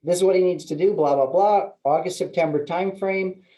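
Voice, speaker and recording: Middle-aged man, webinar host, mellow and a bit high, animated storyteller. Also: a little fast, poor audio. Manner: storytelling, acts out phone calls with sudden high-pitched outbursts. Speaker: webinar host, loan officer.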